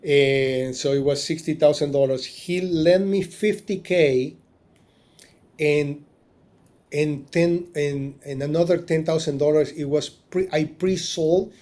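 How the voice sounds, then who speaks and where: A man's voice: fairly high pitch, steady tone, unhurried, mellow. A man who is a marina business owner, telling his story as a podcast guest, acting out quoted dialogue, getting emotional along the way, and often restarting his sentences. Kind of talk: storytelling in a casual interview.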